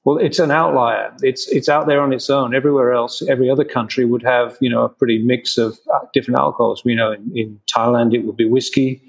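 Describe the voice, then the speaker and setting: A man's voice: mid-range voice, fairly even intonation, quick pace, gravelly, hardly any pauses, slightly rough, poor audio. A man in an interview, a craft brewer answering questions with many restarts and fillers.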